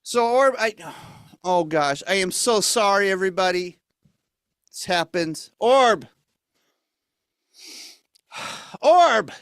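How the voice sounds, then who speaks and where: A man's voice: sits high, expressive, takes it slowly, long pauses, a bit bright, smooth, no room sound, studio quality. A man doing comedy as the flustered straight man beside his puppet on an online show, often stammering and sighing. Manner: flustered straight man, many fillers and sighs. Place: home setup for an online show.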